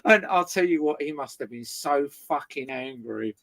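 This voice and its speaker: A guest tells a long neighbour feud story in casual chat. The voice sits in a middle register. The delivery is loud and lively, with constant swearing. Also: medium pitch, normal speed. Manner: swears constantly, animated retelling.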